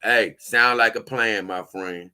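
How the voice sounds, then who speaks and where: Bright-voiced man ranting casually. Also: fairly low pitch, takes it slowly, clean tone. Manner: emphatic and repetitive, slangy and informal; trips over his words, frequent restarts. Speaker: doll-collecting vlogger. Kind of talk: casual vlog chat, answering viewer comments.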